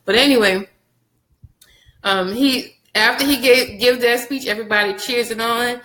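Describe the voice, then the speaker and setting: A woman recapping a TV episode for her viewers, chatty and animated, addressing them directly and laughing often. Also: on the high side, normal speed, reverberant, low-quality recording. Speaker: TV show reviewer.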